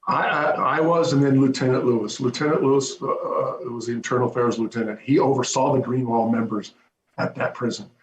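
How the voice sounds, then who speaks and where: A man, a former prison corrections officer, telling his story in an interview with animated, hesitant restarts over a video call. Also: mid-range voice, a little fast. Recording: roomy, dull lo-fi with faint hum.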